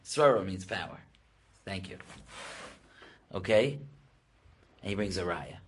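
A man's voice: deep voice, lively intonation, slow pace, slightly rough. A man, a rabbi, giving a Torah class. He explains Hebrew texts in English, his voice rises when he quotes them, and he thinks aloud with many restarts.

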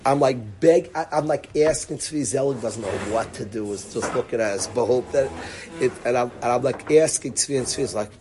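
A middle-aged man casually telling a personal story, acting out the dialogue and dropping to a hush for quoted lines. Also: medium pitch, moderate pace, slight background noise. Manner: animated, acts out dialogue, drops to near-whisper for quoted lines. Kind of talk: casual spoken anecdote.

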